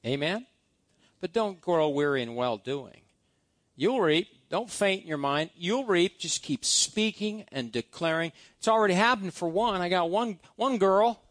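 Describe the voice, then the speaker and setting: A man's voice: sits high, animated, unhurried, fairly bright tone, no echo. A male pastor preaching a sermon, reciting scripture-based blessing prayers with emphasis. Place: church.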